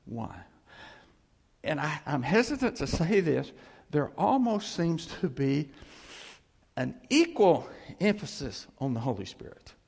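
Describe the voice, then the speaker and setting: A man's voice: a little high, sing-song, unhurried, vocal fry, long pauses, a little mellow, breathy edge, big-room sound. A man preaching a sermon as pastor, conversational, with chuckles and asides to the congregation.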